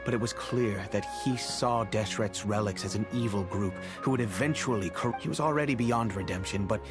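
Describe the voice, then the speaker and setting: A man voicing a wealthy, kindly middle-aged father in game cutscene dialogue, telling the past in a measured, reflective way. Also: on the low side, close to an everyday voice. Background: game music.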